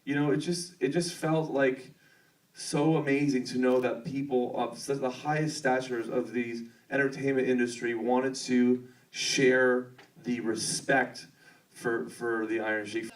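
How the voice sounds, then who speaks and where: A man on a premiere Q&A panel, telling a story in a rambling, excited way full of fillers. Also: mid-range voice, unhurried. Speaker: filmmaker on a Q&A panel. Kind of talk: casual storytelling answer. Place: theater at a film premiere. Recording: distant mic in a venue.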